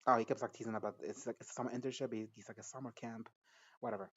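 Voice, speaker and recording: A man's voice: on the low side, fairly even intonation, rapid-fire, a bit bright, breathy edge, lo-fi sound. A man giving a casual recap and reaction to a TV episode, chatty, gossipy and profane, laughing often. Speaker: show reviewer.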